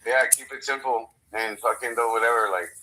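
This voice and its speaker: A young American man co-hosting a podcast swears and wanders through an anecdote, voicing each person in the exchange during this casual chat. The audio is poor; his mid-range voice sounds pushed and bright, with fairly even intonation and a fairly quick pace.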